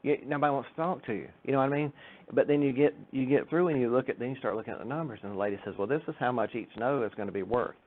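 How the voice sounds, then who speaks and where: The mid-range male voice comes rapid-fire in this informal church talk. He chats, jokes and impersonates the people he describes, all captured with tinny, phone-like audio.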